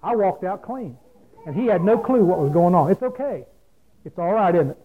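A man's voice: sits high, lively intonation, moderate pace. A man preaching a folksy, plain-spoken sermon, often asking his listeners questions. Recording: phone-like lo-fi radio broadcast.

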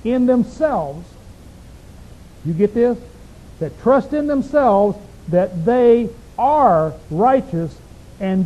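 High-voiced preacher, lo-fi recording. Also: male voice. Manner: folksy, emphatic Bible teaching with rhetorical questions. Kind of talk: sermon. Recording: dull lo-fi recording.

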